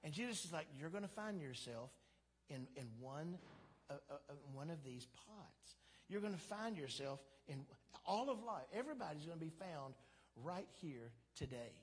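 High-voiced pastor guy, husky, chatty joking sermon in a big echoey church. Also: expressive, moderate pace. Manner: conversational and humorous, acts out quotes. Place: church sanctuary. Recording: long hall reverb.

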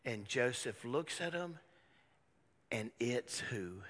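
A male pastor telling a story in a sermon, swinging dramatically from loud to a hushed whisper. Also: on the low side, moderate pace, long reverb tail.

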